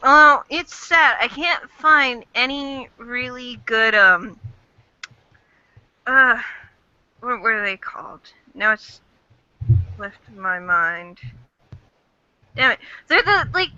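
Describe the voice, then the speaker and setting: A woman's voice: a little high, lively intonation, slow pace, long pauses, pushed and bright, dry recording. A woman hosting a casual online fan chat, rambling and chatty with casual swearing, on a dull lo-fi recording.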